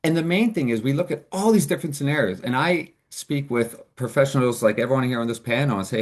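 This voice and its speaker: A man's voice: medium pitch, fast, few pauses. A man presenting as a financial advisor in a webinar, explaining options in an earnest, upbeat way.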